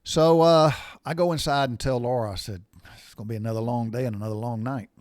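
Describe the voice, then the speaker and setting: A middle-aged man with a drawl, spinning a casual story in a folksy, plain-spoken way. His voice sits at an ordinary pitch and sounds dry and close to the mic. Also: steady tone, quick pace, a little mellow, no room sound. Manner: folksy, blunt, mildly exasperated storyteller. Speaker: podcast host.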